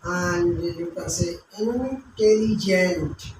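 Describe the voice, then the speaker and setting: A woman teaching English grammar, slowly repeating each word syllable by syllable and sometimes explaining in local languages. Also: fairly low pitch, darkish tone. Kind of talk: grammar lesson with pronunciation drills. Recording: very echoey room, voice from far off, faint hiss.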